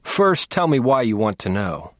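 A man's voice: medium pitch, big pitch swings, moderate pace, no echo, clean studio sound, close to an everyday voice. A man reading the lines of a blunt, impatient young woman police officer in an audiobook, raising his voice to play her. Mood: demanding. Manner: curt, impatient.

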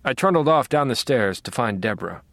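A man's voice: mid-range voice, expressive, brisk, fairly bright tone, no room sound. Brief: male audiobook reader, wry and detached, dry sound. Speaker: audiobook narrator. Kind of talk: first-person audiobook narration.

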